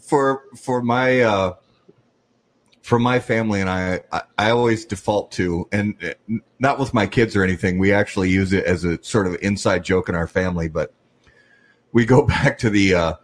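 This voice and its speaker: A man's voice: fairly low pitch, normal speed. A man talking casually on a call, hesitant and restarting his sentences.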